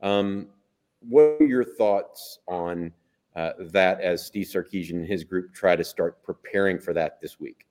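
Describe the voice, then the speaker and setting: A man hosting a sports talk show, asking questions in a relaxed, conversational way and often checking in with "right?". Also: low-pitched, unhurried. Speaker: host.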